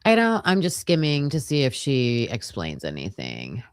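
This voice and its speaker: A woman's voice: rumbling low, wildly swooping pitch, normal speed, clean tone, no room sound. A woman hosting a casual true-crime livestream, reading case documents aloud and thinking aloud as she skims pages, with hesitant restarts.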